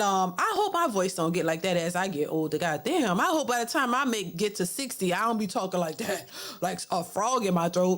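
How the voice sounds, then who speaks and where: A woman's voice: mid-range voice, animated, moderate pace, a bit bright. A middle-aged woman hosting a livestream, reading viewer super chats and giving casual, talkative commentary that often repeats words. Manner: chatty, repeats words, mimics others in a mocking voice.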